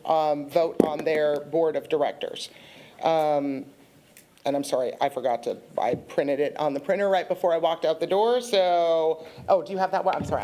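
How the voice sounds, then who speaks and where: A woman with a fairly low voice chairs a school board meeting. She moves through the agenda in a loose, halting way, stopping to apologize and fill gaps with ums. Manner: informal, halting, with many ums.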